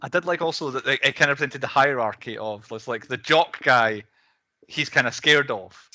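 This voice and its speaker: A man's voice: mid-range voice, normal speed, pushed and bright, dry recording. A man hosting a casual podcast chat, laughing often as he steers the talk. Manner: laughs often, runs the segments. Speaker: podcast host.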